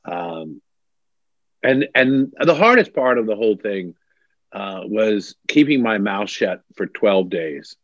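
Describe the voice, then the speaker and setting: A man, a bishop, telling stories as an interview guest, animated and self-mocking, laughing often. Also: lowish voice, slow pace, no room sound. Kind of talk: casual storytelling in an interview. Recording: dry, dull lo-fi sound.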